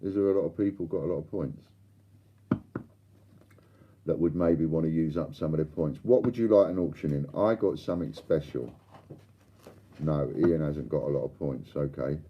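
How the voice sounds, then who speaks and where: A man's voice: rumbling low, normal speed, pauses often, muffled recording, slight background noise. An older man hosting a live stream, chatting and bantering with viewers and reading out their comments. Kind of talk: casual chat to live viewers.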